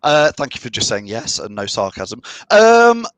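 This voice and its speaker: A man's voice: mid-range voice, big pitch swings, normal speed, fairly bright tone, dry recording, rough recording. A middle-aged man from the of England hosting a fan live stream, chatting and reading out viewer comments. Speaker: fan channel host.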